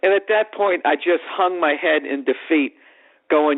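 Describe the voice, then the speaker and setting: A man with a Boston accent rants through a comic story, swearing often and sounding fed up. His voice sits a little high for a man. The sound is thin and tinny, like a phone line. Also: fairly even intonation, brisk. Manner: profane, exasperated ranting. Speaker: podcast host. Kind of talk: comedic storytelling monologue. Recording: tinny phone-like podcast audio.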